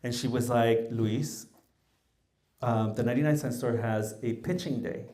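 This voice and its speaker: Storytelling man, mellow voice, roomy echo. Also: mid-range voice, measured pace. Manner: mixes English and Mexican Spanish, lively anecdotes. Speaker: small business founder, panel guest. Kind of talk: animated panel storytelling.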